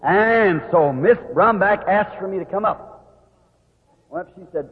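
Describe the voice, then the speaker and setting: A man preaching, telling a story in a folksy, animated way and acting out the people he quotes. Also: high voice, moderate pace. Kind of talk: sermon storytelling. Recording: tinny old hall recording.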